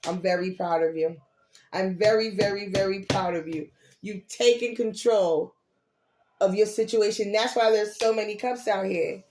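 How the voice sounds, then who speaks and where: An older woman, giving a casual, animated tarot reading and cheering her listeners on. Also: mid-range voice, moderate pace, a little hiss or hum. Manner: animated, preachy encouragement with laughs and slang. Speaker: tarot reader.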